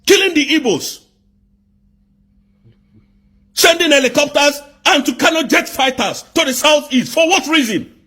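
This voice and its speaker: A man from southeast Nigeria, delivering an angry political rant full of repeated rhetorical questions and bursts of shouting. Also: extremely high pitch, lively intonation, unhurried, pauses often.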